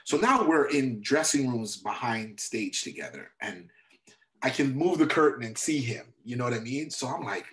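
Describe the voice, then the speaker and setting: Man telling a lively backstage story. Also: medium pitch. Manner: acts out other people's lines while telling a story. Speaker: comedian guest. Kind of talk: animated storytelling interview.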